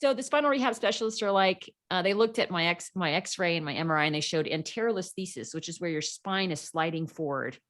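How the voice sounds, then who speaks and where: A woman's voice: fairly low pitch, brisk, few pauses, a bit bright. A middle-aged woman, a podcast guest, telling her story in a casual interview and acting out the people she quotes.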